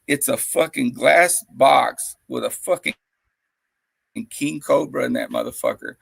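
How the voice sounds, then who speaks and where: Gravelly, husky man telling wild stories. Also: medium pitch, measured pace, no room sound. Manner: profane, laughing, animated anecdotes. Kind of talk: casual storytelling chat. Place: home streaming setup. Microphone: streaming microphone.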